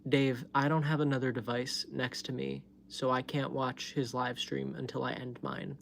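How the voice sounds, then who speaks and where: A man's voice: medium pitch, level tone, normal speed, vocal fry, a bit bright, slight background noise. A man hosting his own live stream, chatting casually and telling a story, laughing often and swearing freely, recorded on a phone at home. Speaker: livestream host.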